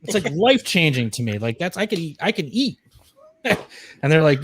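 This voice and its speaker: A man's voice: fairly high pitch, normal speed, a little hiss or hum. A man in his forties co-hosting a podcast, telling stories in casual chat and acting out the people he quotes. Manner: animated storyteller, acts out quotes. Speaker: podcast co-host. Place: podcast studio.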